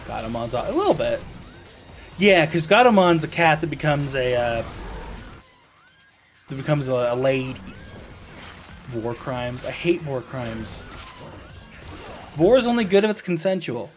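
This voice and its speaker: A man's voice: mid-range voice, animated, unhurried, long pauses, soft background music. An American man casually rambling to viewers while streaming a video game, often correcting himself mid-sentence. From United States.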